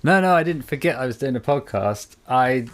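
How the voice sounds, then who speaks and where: A man's voice: mid-range voice, expressive, brisk. A man from the United Kingdom co-hosting a podcast, talking casually and acting out quoted voices as he tells a story. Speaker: podcast co-host. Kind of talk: casual chat. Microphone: studio microphone.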